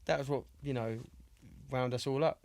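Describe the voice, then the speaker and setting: A man's voice: medium pitch, fairly even intonation, moderate pace, creaky, a little mellow, no echo. A man with a London accent co-hosting a casual podcast, teasing his friend in slangy banter. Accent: London English. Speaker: podcast co-host. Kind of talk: casual chat.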